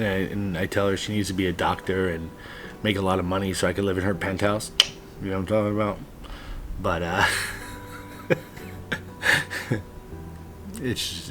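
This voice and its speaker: A man in his late thirties, a father giving heartfelt, earnest advice to other dads, sometimes blunt and swearing. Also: low voice. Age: 30s. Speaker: father vlogger. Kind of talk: heartfelt personal monologue.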